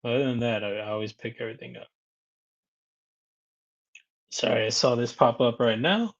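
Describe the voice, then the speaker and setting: On a lo-fi recording, a man with a steady, mid-range voice at a moderate pace runs a casual live stream. He chats, says hello to viewers by name, reads their comments aloud and laughs often between remarks.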